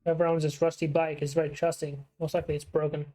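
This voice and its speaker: A man's voice: on the high side, level tone, quick pace, dark tone. Man, gaming host, dry wry narration, game dialogue read aloud.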